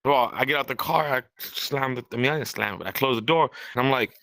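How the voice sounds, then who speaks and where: In a dry recording, a young male podcast host rambles through a lengthy, foul-mouthed story, voicing the other people involved. He speaks quickly in a mid-range voice that sounds pushed and bright.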